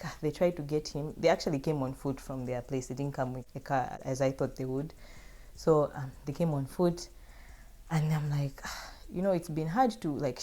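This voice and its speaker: Low-voiced woman telling a story. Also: dark tone. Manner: chatty, filler-heavy, addresses viewers directly. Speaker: vlogger telling a personal story. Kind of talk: casual storytime.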